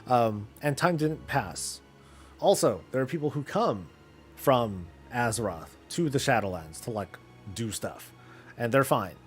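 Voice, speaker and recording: A man's voice: medium pitch, lively intonation, unhurried, faint music behind. A man streaming a casual chat about games, rambling with many fillers and restarts.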